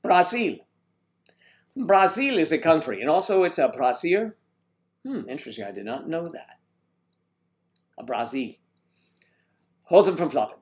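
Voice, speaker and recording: A man's voice: a little high, big pitch swings, normal speed, long pauses. Jokey older man hosting a chat. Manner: jokey, playful, teasing. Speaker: livestream host. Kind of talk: casual chat reading viewer comments.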